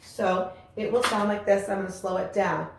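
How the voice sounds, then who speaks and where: A woman's voice: medium pitch, fairly even intonation, normal speed, gravelly. A woman teaching a music lesson, explaining rhythms and chanting rhythm syllables aloud with encouragement. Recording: very echoey room with faint ambient noise.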